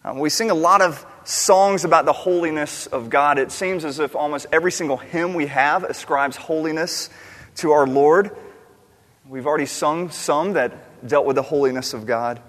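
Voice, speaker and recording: A man's voice: fairly high pitch, normal speed, fairly bright tone. A man preaching a sermon in an earnest, questioning way, repeating key words for emphasis. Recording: long reverb of a large hall.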